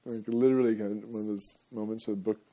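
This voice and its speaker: A man's voice: on the low side, level tone, fast talker, mellow. A male radio host talking in a casual, rambling monologue, wandering off topic and chuckling often.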